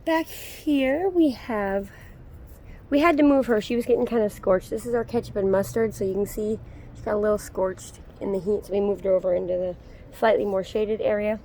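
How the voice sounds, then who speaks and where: A gardening vlogger in her thirties casually shows off her backyard garden, relaxed and full of ums. She talks quickly in a mid-range voice, filmed on a handheld phone outdoors with a little hiss or hum.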